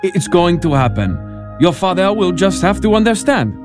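A man's voice: high-pitched, sing-song, moderate pace, over loud music. An actor playing an eager, persuasive churchman in a radio drama. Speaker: canon assisting a bishop.

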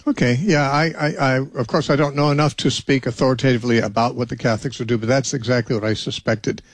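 A man's voice: medium pitch, fairly even intonation, fast talker, no echo. A man hosting a call-in radio show, talking with callers in a patient, conversational way.

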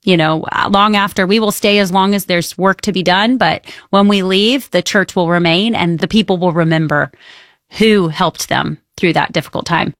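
A woman hosting an interview, giving soft listening murmurs and asking measured questions. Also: lowish voice, no room sound, clean studio sound. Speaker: host.

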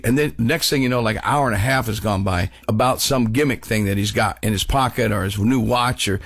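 A man's voice: on the low side, a little fast, few pauses. A man hosting a rock countdown on the radio, chatting casually and rambling through stories. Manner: rambling, storytelling, playful.

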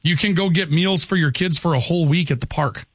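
Teasing radio talk host, dry studio sound. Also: male voice, fairly high pitch, fairly bright tone, no echo. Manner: brisk, teasing banter with callers.

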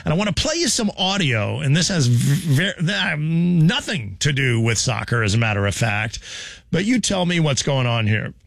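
A man's voice: on the high side, sing-song, moderate pace, vocal fry, no room sound. A man hosting a morning radio show, chatting casually and playfully, with a self-mocking manner.

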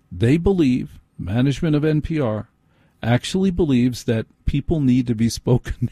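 A man on a talk radio show, ranting with sarcastic scorn. His voice is dark and mellow, a little husky. The studio sound is dry. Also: medium pitch, lively intonation, normal speed, no room sound. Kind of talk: opinionated talk radio monologue.

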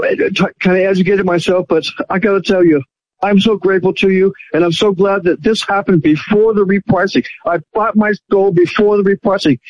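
A man's voice: high voice, darkish tone, no room sound, highs cut off. A man calling in to a radio show, gushing and rambling with many restarts. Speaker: caller. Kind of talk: phone-in radio call.

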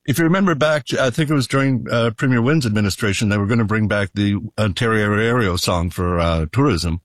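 A man, a panel guest telling stories in an animated, casual way. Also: lowish voice, a little fast, no room sound, studio quality. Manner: animated storytelling.

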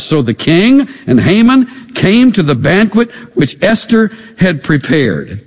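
A man's voice: sits high, big pitch swings, unhurried, in a large hall. A man preaching a sermon with emphatic rhetorical questions and vivid retellings. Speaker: pastor.

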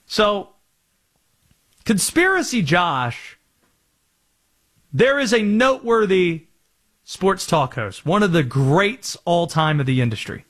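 A sports talk radio host from North Carolina talks in a chatty, self-aware way. His voice sits high and moves a lot in pitch. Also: very animated, slow, long pauses, a bit bright.

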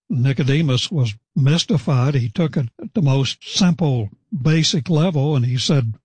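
Male preacher, husky tone, dry close sound, measured sermon delivery with emphatic quotes. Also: mid-range voice, lively intonation, a little mellow, no echo. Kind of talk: expository sermon.

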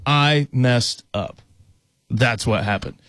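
Self-mocking sports radio host, dry studio sound. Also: male voice, medium pitch, slow, fairly bright tone, no echo. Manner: loose, self-deprecating, laughs easily. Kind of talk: casual sports radio banter.

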